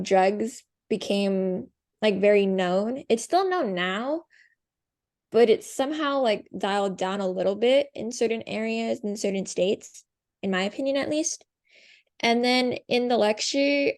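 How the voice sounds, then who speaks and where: A woman's voice: medium pitch, a little mellow. Young woman student, chatty with many fillers. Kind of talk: class discussion comment.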